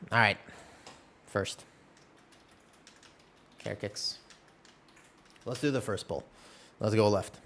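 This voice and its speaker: Laid-back male game streamer chatting. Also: on the low side. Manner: relaxed, rambling, self-deprecating. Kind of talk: casual live-stream chat while gaming. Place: home room.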